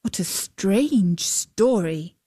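A man's voice: high voice, animated, drawn-out words, dark tone, heavily acted. A woman reading a courtly young knight. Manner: formal, courtly.

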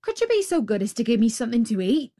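A woman voicing a bold, cheeky young boy who talks politely and briskly. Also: on the high side, sing-song, mellow.

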